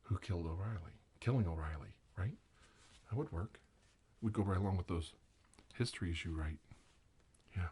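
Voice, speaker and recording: A man doing a whispered role-play as a comic ASMR host, teasing and mock-soothing, with soft talk and whispers. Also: low voice, moderate pace, pauses often, husky.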